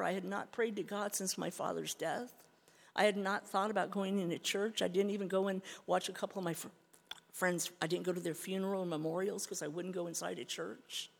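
An older woman telling her recovery story as a candid, self-mocking personal testimony, swinging from hushed to loud. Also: mid-range voice, gravelly. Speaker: speaker sharing recovery story. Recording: hall reverb.

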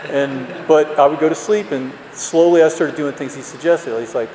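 A man's voice: fairly high pitch, a little fast, darkish tone, slight background noise. Guy rambling through his recovery story, jokey and self-mocking, big roomy hall echo. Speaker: speaker sharing recovery story. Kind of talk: personal testimony talk. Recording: roomy hall with long reverb.

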